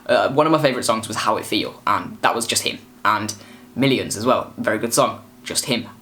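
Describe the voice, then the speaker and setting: A man's voice: fairly low pitch, a little fast, sharp tone. A man giving a casual album review, rambling with frequent restarts. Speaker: music reviewer.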